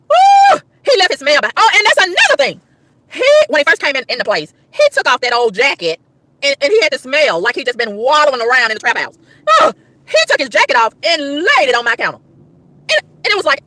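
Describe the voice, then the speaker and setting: Exasperated woman ranting fast and high. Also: pushed and bright, no room sound. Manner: exasperated, exclaiming, repeating lines for emphasis. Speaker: vlogger. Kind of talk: animated storytelling rant.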